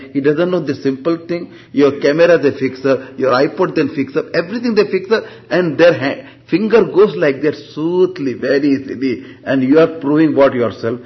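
A man gives a classroom scripture lecture in a slightly raised voice. He keeps throwing rhetorical questions at the class and answering them himself. The lecture recording sounds dull and lo-fi. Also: a little high. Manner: slow, deliberate reading of Sanskrit terms. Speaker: Vedanta and Sanskrit teacher.

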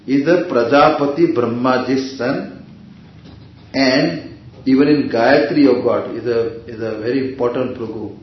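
A man's voice: medium pitch, measured pace, a little hiss or hum. A man giving a scripture discourse, telling stories and asking his listeners questions. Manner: storytelling, with Sanskrit terms and asides to listeners. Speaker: spiritual teacher. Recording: very echoey dull hall recording.

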